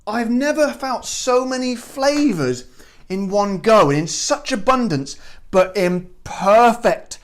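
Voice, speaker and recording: A man's voice: high voice, expressive, takes it slowly. A man hosting a casual drink-tasting review, exuberant and exclamatory, rambling through his thoughts with frequent restarts. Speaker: gin reviewer, show host.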